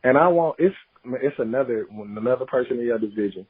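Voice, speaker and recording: Husky man on a tinny phone line. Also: medium pitch, animated, fairly quick, dry recording. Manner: slangy, says bruh and bro a lot. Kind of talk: casual podcast chat.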